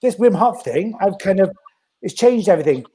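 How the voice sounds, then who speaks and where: Male podcast co-host, blunt and animated, higher voice, dark tone. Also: brisk, husky. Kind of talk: casual podcast chat.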